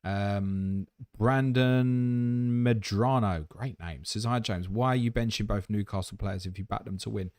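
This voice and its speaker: A man hosting a fast casual livestream, reading out viewer questions and answering them bluntly with jokes. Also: fairly low pitch, darkish tone, no room sound, studio quality. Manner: blunt, jokey, reads viewer questions aloud.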